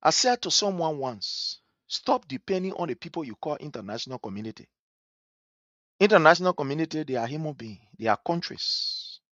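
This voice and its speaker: A man's voice: a little high, very animated, brisk, fairly bright tone, dry recording. A Liberian man giving impassioned political commentary, scornful and emphatic, hammering his points with repetition. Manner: scornful and emphatic, repeats phrases for effect. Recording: dull lo-fi stream audio.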